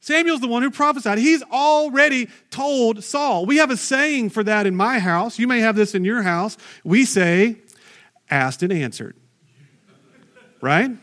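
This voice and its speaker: Man, high voice, sermon reading with conversational asides; pastor reading from a Bible passage. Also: moderate pace, hardly any pauses, fairly bright tone. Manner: conversational, asides and rhetorical questions. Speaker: preacher. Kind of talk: sermon reading and commenting on scripture.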